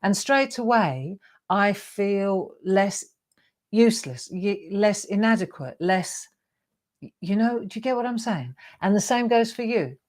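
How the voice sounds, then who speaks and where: A woman's voice: medium pitch, expressive, measured pace. A middle-aged woman hosting a live craft show, chatty, encouraging and self-deprecating as she demonstrates.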